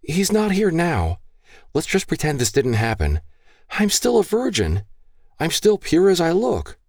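A frightened young woman pleads in a high, lifted voice that swoops up and down, as a male narrator puts her on. The reading sounds dry and close. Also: huge pitch swings, measured pace, creaky, a little mellow, dry recording, exaggerated voice. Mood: pleading.

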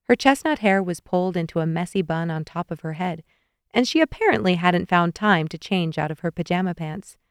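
A woman with a lowish, smooth and resonant voice reads a novel aloud, shading each character's lines a little differently. The sound is dry and close, with no room around it. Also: expressive, fairly quick, no room sound. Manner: reads dialogue with light shifts for each character. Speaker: audiobook narrator. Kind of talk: scripted narration.

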